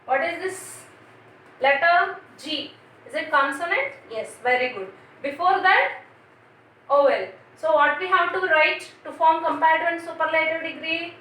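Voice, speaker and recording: A woman's voice: very high-pitched, measured pace, bright, forceful tone. A woman teacher, spelling words letter by letter and quizzing children in a grammar lesson. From India. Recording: very echoey room, voice from a distance, faint noise.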